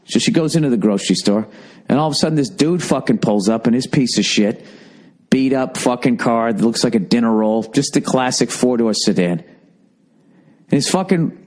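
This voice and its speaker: A man's voice: medium pitch, a little mellow. A podcast host rambling through a comedic monologue, a man swearing constantly and acting out both sides of his arguments in exasperated retellings.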